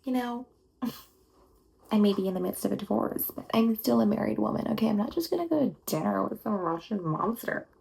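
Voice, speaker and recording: A woman's voice: mid-range voice, expressive, a little fast, vocal fry, a little mellow, rough recording. A woman in a whispered role-play, talking in a defiant, indignant, rambling way. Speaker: ASMR role-play host.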